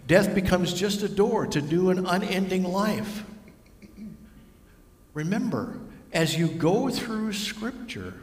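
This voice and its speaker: A man with a fairly high voice preaching a sermon in a church, telling the story vividly. The sound carries a long, echoing reverb from the large room. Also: lively intonation, slow pace, pauses often. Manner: storytelling, varies voice for figures. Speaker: pastor. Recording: echoey hall with long reverb.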